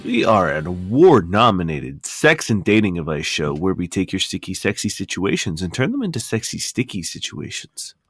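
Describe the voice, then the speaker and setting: A man's voice: deep voice, sing-song, moderate pace, few pauses, husky, no room sound. A man co-hosting a sex and dating podcast who has just woken up, joking around in casual chat with a morning voice and stumbling restarts. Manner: jokey, self-deprecating, stumbling restarts. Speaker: podcast co-host.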